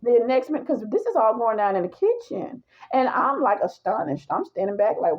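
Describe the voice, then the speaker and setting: A blunt, animated woman tells a personal story in casual storytime style and talks right to her viewers. Her voice sits fairly high, and the recording is dull and lo-fi. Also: brisk, hardly any pauses. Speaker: vlogger telling a personal story.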